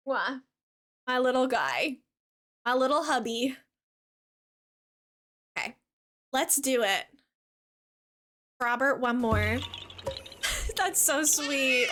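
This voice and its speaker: A woman streaming a cozy game, chatting in a bubbly, giggly way and gushing warmly at her chat, with lots of "like" fillers. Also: high-pitched. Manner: warm toward chat, gushing. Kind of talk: casual live-stream chat while gaming.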